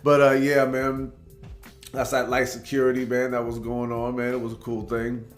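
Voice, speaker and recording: A man's voice: mid-range voice, completely flat delivery, normal speed. Laid-back man in a roomy space. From Tacoma, Washington, USA. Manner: laid-back, rambling, peppers talk with "man". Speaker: reaction video host. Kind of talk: casual storytelling commentary. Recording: roomy echo with faint background music.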